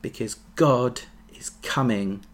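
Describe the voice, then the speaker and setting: A man preaching a sermon, earnest, building to emphatic peaks and then dropping soft. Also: mid-range voice, takes it slowly.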